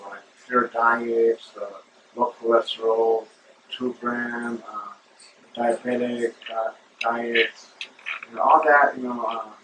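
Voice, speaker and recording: A man's voice: mid-range voice, background noise. A man hosting his own show, telling a long casual story full of fillers and asides to the listener. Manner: rambling, filler-heavy, calls listener bro. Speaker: show host. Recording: roomy echo, distant from mic.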